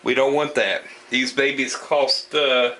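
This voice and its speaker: Male hobby vlogger, unhurried delivery, bright edge to the voice, chatty and self-deprecating. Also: mid-range voice, fairly even intonation, a little hiss or hum, low-quality recording. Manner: chatty, self-deprecating, talks through what he is doing. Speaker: fish-keeping channel host. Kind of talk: casual hobby vlog.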